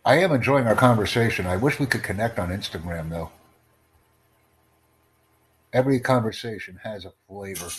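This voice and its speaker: Calm, smooth-talking male streamer. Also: on the low side, moderate pace, long pauses, slight background noise, rough recording. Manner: calm, smooth, promotional, unbothered. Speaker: streamer recording a voice chat. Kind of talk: casual live-stream chat.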